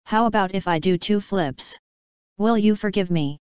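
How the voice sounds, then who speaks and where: Woman reading as playful athletic young guy, low voice, crisp and dry. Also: moderate pace, a little mellow, no room sound, lightly acted. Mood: teasing. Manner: playful, teasing. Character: teasing athletic young man. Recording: dry, slightly dull studio recording.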